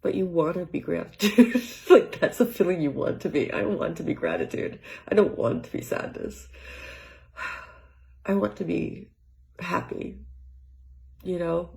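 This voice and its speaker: Brief: woman vlogger, low-ish voice with heavy vocal fry, soft and halting, drifts into near-whispers. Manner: soft-spoken, often trailing into near-whispers; rambling, halting restarts, frequent light laughs. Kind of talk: reflective personal monologue. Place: home with cats.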